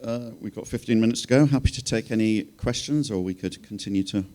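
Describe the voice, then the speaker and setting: A man with a notably deep, low-pitched voice talks on a panel stage. He tells his stories in a wry, rambling way, padded with fillers and asides. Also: quick pace, dark tone. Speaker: journalist and panel speaker. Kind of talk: panel talk, storytelling.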